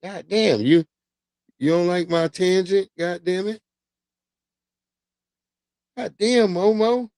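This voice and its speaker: Speaking slowly with frequent pauses, this man has a high-sitting voice with a darkish tone, in a dry recording. He hosts a livestream, chatting with viewers in a profane, rambling way that wanders onto tangents.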